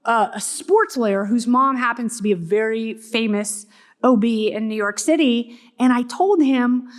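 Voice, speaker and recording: A middle-aged woman giving a joking, irreverent conference keynote on stage, tossing off quick asides to the audience. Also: a little high, lively intonation. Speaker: keynote speaker. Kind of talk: comedic conference talk.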